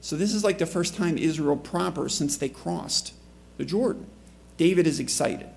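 A man's voice: a little high, moderate pace, creaky, a little mellow. A man preaching a conversational sermon to a congregation in church, often asking the listeners questions. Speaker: pastor.

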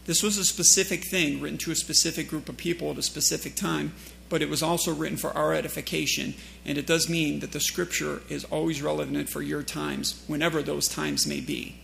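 A man's voice: a little high, fairly even intonation, a little fast, creaky, fairly bright tone, a little hiss or hum. A man preaching a sermon in a church. He reads scripture aloud, asks the congregation questions and makes joking asides.

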